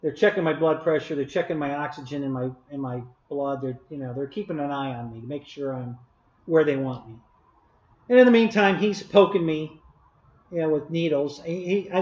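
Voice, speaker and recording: A man's voice: a little high, darkish tone. A man hosting a live stream, telling a long casual story to his chat with many restarts and chuckles. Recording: echoey room, dull lo-fi audio.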